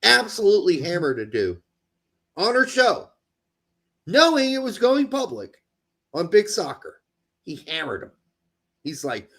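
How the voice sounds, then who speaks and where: A man co-hosting a casual soccer chat, ranting and mocking claims in quick sarcastic bursts. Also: high voice. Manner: animated, ranting, sarcastic mimicry. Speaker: podcast co-host.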